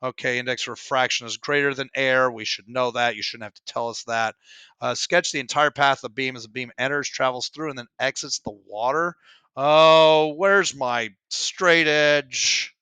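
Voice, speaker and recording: A man's voice: medium pitch, steady tone, a little fast, bright, forceful tone, smooth, no echo. A middle-aged man, a physics teacher, working through exam problems at home in a casual, grumbling, self-deprecating way with wry asides. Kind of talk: casual solo problem walkthrough. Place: home room.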